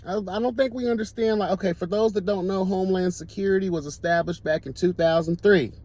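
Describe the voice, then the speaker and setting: A man hosting a casual talk show, telling stories in a camp, animated way and laughing often. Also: high-pitched, quick pace. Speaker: host. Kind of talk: casual storytelling chat.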